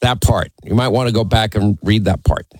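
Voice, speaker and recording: A man's voice: lowish voice, normal speed, a little mellow, no echo, low-quality recording. Opinionated male talk radio host. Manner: emphatic, opinionated, teasing.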